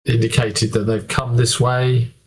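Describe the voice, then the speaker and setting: A man's voice: medium pitch, little pitch movement, unhurried, slight background noise, rough recording. A man playing in a tabletop game, thinking aloud and hesitant, asking the game master questions. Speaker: player.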